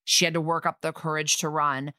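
A woman with a fairly low voice chats through a TV episode recap as a podcast co-host. She puts on playful voices for the lines she quotes. The sound is dry and close, with no room around it. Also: level tone, a little fast, bright, forceful tone, no room sound. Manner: chatty, acts out quoted lines in funny voices. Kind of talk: casual recap chat.

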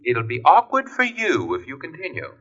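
A man's voice: on the high side, wildly swooping pitch, moderate pace, a bit bright, husky, exaggerated voice. An actor playing a nervous male caller who stumbles over his threats, in 1940s radio acting. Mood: nervous threatening. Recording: dull old radio recording.

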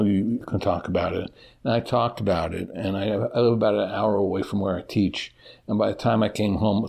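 A man's voice: lowish voice, vocal fry, darkish tone, breathy edge. An older man, a teacher, talking candidly in an interview and telling stories with a self-deprecating touch. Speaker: interview guest. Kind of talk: casual interview.

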